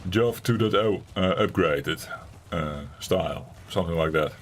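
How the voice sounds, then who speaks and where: A Dutch game streamer from the Netherlands rambles casually while playing, chatting with his viewers between tasks. His voice sits low and his pace is measured. There's a little hiss or hum in the audio.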